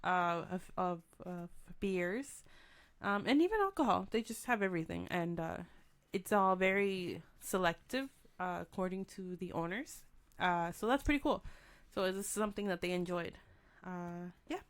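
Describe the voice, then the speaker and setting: Chatty woman with a smooth voice. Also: lowish voice, normal speed. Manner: chatty, upbeat, filler-heavy. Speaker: podcast co-host. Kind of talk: casual beer-tasting chat.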